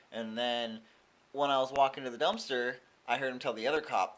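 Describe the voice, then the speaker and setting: Casual young male vlogger, chatty, mid-pitched, animated in his retelling. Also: fairly quick. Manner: chatty, animated quoting of others. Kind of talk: casual storytelling vlog.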